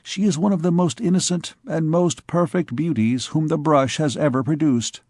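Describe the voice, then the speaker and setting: A man voicing a greedy, cunning royal physician who speaks in a slow, pompous, wheedling way, in an audiobook reading. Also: on the high side, a little mellow, dry recording, clean studio sound, natural voice.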